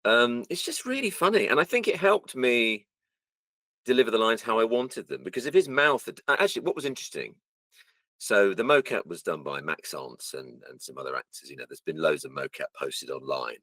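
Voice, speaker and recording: A man with a deep, low voice tells stories from his work as a voice actor, and his pitch rises and falls with animation. He slips into the lines he once played. The sound is close and dry, with no room around it. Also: fairly quick, dry recording. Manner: animated storyteller, acts out lines. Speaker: voice actor guest. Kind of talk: casual interview chat.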